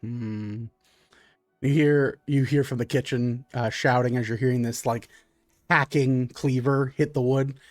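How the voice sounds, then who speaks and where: A man running a tabletop game, describing scenes in a loose, conversational way. His voice sits in a middle pitch, and the sound is close and dry with no room tone. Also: moderate pace, no echo. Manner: relaxed, conversational, with many fillers. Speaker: game master.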